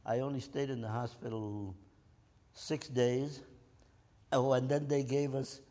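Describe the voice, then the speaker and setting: At a museum event hall, a World War II veteran in his nineties tells anecdotes to a live audience, animated, with many restarts and acted-out quotes. His mid-range voice is a little slow, and the hall sounds echoey.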